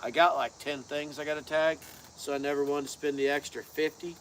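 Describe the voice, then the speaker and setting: A man's voice: on the high side, fairly even intonation, fairly quick, a bit bright. A man co-hosting a casual live chat, talking in a folksy, rambling, drawling way. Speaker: co-host of a car-build channel. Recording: faint outdoor insect noise.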